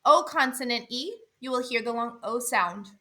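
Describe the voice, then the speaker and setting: Woman, phonics teacher, bright voice, slightly high, deliberate, sounds out letters. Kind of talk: instructional explanation.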